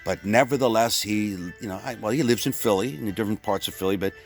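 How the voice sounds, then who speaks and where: A man from Pennsylvania telling a rambling comic story, full of stumbling restarts and deadpan exaggeration. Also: fairly low pitch, quick pace, faint music behind. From Pennsylvania, USA. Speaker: comedian.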